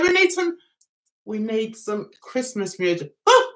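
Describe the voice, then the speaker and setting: A woman's voice: fairly high pitch, sing-song, measured pace, fairly bright tone. A woman with a London Cockney accent hosting a casual livestream, chatting and reading viewer comments aloud. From England. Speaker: livestream host reviewing TV.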